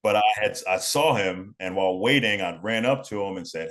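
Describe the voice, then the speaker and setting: A man's voice: on the low side, brisk, hardly any pauses, fairly bright tone. A young man from New York telling a personal story in a laid-back, casual way, often repeating and restarting phrases. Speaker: podcast guest.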